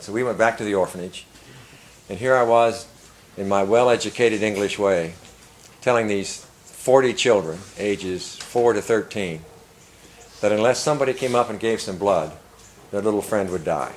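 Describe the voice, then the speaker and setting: An older man preaching, telling a story earnestly and rising to loud emphasis. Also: lowish voice, normal speed, a little hiss or hum, rough recording. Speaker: pastor. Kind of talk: sermon storytelling.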